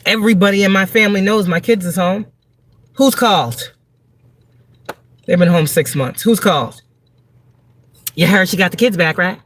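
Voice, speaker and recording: A woman's voice: medium pitch, moderate pace, pauses often, no echo. Blunt, profane woman reading tarot. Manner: emphatic, repeats words for stress. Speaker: tarot reader and spiritual advisor. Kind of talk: livestream tarot reading monologue.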